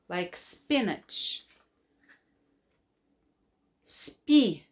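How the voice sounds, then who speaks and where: A woman teaches children phonics in English with a Brazilian Portuguese accent. She speaks at a very slow, deliberate pace, stretching out each sound. Her voice sits at a middle pitch, and she pauses so the kids can repeat after her. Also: expressive, a bit bright. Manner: slow, drawn-out modeling of sounds for repetition.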